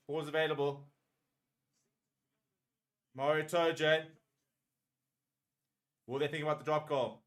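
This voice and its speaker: A man's voice: fairly high pitch, flat delivery, normal speed, long pauses, a bit bright. A man giving emotional live fan commentary on a rugby match, nervously repeating phrases as he calls the play.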